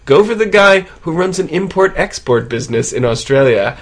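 A man's voice: fairly high pitch, animated, moderate pace, a bit bright, breathy edge. A young adult man hosting a podcast, chatting casually about a film, laughing often and slipping into impressions. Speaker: podcast host. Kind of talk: casual film-review banter.

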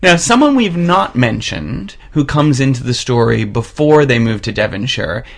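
A man's voice: mid-range voice, lively intonation, moderate pace, creaky. Film podcast host, male, playful and teasing, mid-range voice. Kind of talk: film review chat.

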